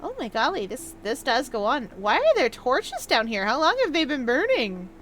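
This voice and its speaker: Very animated and fairly bright, this young woman's high voice keeps a moderate pace as she hosts a casual let's-play. She chats playfully over the game and occasionally reads notes aloud in an exaggerated old-fashioned way. The recording carries a little hiss or hum.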